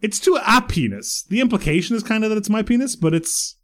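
A man's voice: high-pitched, lively intonation, brisk. A man from Croatia co-hosting a podcast, telling stories in a playful, teasing way. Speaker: podcast co-host. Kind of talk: casual podcast chat.

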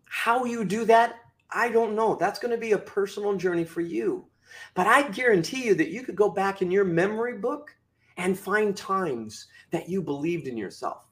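A man talking as a podcast guest, with an animated, preacher-like delivery full of sudden drops and bursts. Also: high-pitched. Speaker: guest speaker. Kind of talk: motivational podcast talk.

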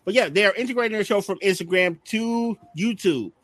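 A man's voice: sits high, fairly quick, fairly bright tone, no echo. Joking man hosting a casual show. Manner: joking, rambling with many ums. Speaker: network host. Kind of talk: casual livestream chat.

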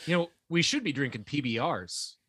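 A young man co-hosting a podcast who chats casually in an animated, teasing way and laughs often. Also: medium pitch, normal speed, husky, no room sound. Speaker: podcast co-host. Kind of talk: casual chat.

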